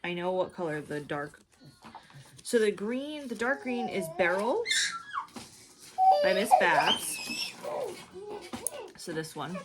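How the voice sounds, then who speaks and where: A woman's voice: mid-range voice, huge pitch swings, slow, pauses often, heavy background noise. A young woman hosting a knitting video, talking in a chatty, rambling way with lots of fillers. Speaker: knitting podcast host. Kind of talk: casual chat.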